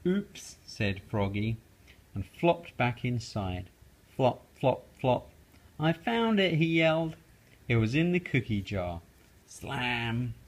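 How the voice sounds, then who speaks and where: A father reads a bedtime picture book aloud to his daughter in a gentle, unhurried storyteller's voice. His pitch rises and falls with lots of expression, and the voice has a husky, breathy texture. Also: poor audio. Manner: slow, gentle, lively storyteller.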